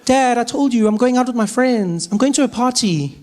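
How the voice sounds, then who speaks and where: A man's voice: very high-pitched, brisk, darkish tone, voice pushed up. A man doing a whiny teenage girl. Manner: whiny, pleading. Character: whiny teenage girl pleading with her father.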